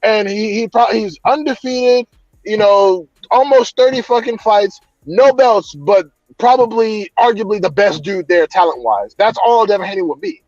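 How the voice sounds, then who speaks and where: Guy with a really high voice ranting hard, lots of swearing, dry dull lo-fi sound. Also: moderate pace, darkish tone, no room sound. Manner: heated, profane ranting. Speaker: boxing commentator. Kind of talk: casual chat.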